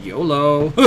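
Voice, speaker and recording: A man hosting a casual livestream, reading viewer comments and answering them with blunt, profane motivational advice. His voice is bright and sits a bit high. He often stumbles over repeated words, and a faint air-conditioning hum runs underneath. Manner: motivational, swears casually, repeats words when starting sentences. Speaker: livestream host.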